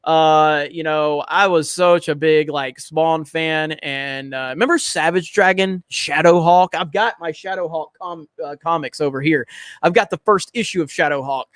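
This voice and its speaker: Blunt, high-voiced man reading chat. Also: normal speed, fairly bright tone, no echo. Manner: blunt, profane, joking. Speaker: livestream host.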